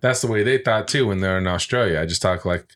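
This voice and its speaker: Rambling, low-voiced American man, casual chat. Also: fast, a bit bright. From United States. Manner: rambling, profane, lots of fillers. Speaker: podcast co-host.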